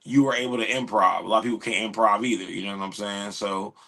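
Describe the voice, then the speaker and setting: A man hosting a casual podcast, animated and slangy, swearing freely. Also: lowish voice, quick pace, vocal fry. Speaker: podcast host.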